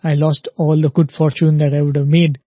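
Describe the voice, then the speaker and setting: A man voicing a grieving poor fisherman in a retold parable, lamenting in a hushed voice. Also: fairly high pitch, flat delivery, fairly quick, no room sound, lo-fi sound, lightly acted.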